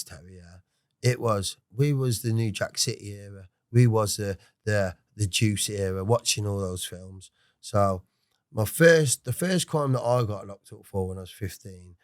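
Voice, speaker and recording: In clean studio sound with no room noise, a man from England in his forties recounts his life on a podcast. His voice sits low, and his storytelling rambles, with plenty of swearing and false starts.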